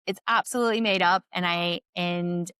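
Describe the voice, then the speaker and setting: A woman physician and podcast guest, chatting casually and telling patient stories in a lively way, often saying "like" and laughing. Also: fairly low pitch, normal speed, clean tone, no room sound. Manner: animated storyteller, heavy use of "like", laughs often. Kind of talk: casual interview chat.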